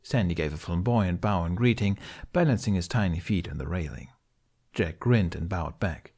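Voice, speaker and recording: A man reading a fan story aloud, narrating calmly and evenly. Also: deep voice, moderate pace. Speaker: podfic reader.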